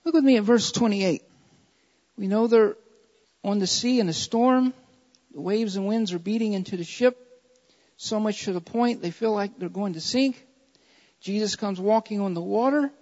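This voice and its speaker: A woman's voice: medium pitch, normal speed, long pauses, a little mellow. Woman, preacher, impassioned sermon, long reverb, muffled sound. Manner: impassioned, repeats lines for emphasis. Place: large church hall. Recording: dull recording in echoing hall.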